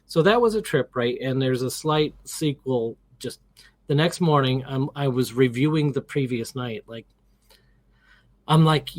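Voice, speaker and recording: A middle-aged man appears as an interview guest, recounting a story in a casual, lively way. He acts out the quotes and frequently restarts his sentences. His voice sits in the mid-range, he takes his time, and the recording has no echo.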